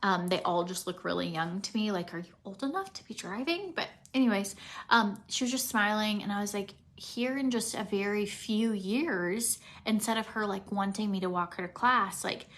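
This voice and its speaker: A makeup vlogger of about forty rambles casually as she does her makeup at home, her mid-range voice teary and emotional. Now and then she drops into soft, almost whispered speech.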